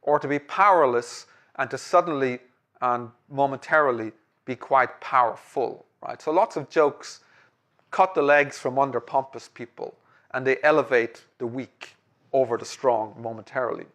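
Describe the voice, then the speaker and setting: A man's voice: mid-range voice, moderate pace, fairly bright tone. A man giving a lecture in a conversational way, with frequent fillers and tag questions.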